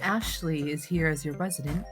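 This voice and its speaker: A woman's voice: sits low, normal speed, over music. A woman co-hosting a podcast, giggly and bubbly. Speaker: podcast co-host. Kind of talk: casual chat.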